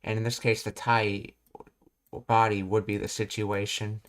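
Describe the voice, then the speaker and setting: A man with a lowish voice and flat delivery teaches a live language lesson. He reads explanations in a measured way and thinks aloud as he works out what things mean.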